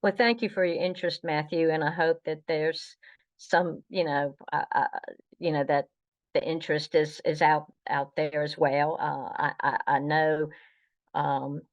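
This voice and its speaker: An older woman speaks with a Southern American accent in a deep, low register. She pauses often and restarts her sentences as she talks. The recording sounds a little dull and muffled. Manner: hesitant, many fillers and restarts. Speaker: guest, Star Trek historian. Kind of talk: casual interview.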